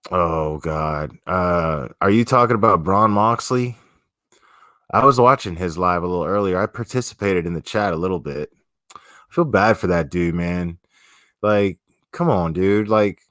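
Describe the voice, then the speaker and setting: A man's voice: on the low side, a bit bright, dry recording, clean studio sound. A man hosting a livestream, chatting casually with viewers in a profane, slangy, laid-back way. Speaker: livestream host.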